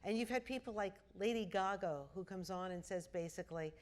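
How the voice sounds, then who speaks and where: A woman's voice: medium pitch, fairly quick. A woman interviewing a guest on stage, chatty and playful, laughing easily. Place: auditorium before a live audience.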